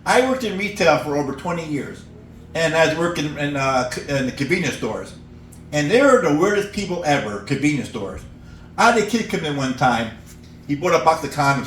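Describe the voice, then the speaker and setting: A man's voice: a little high, fairly bright tone, reverberant, recorded from a distance, slight background noise, rough recording. A middle-aged man from upstate New York doing an open-mic stand-up set at a cafe, telling stories, laughing at his own jokes and acting out characters and animal noises. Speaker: stand-up comedian.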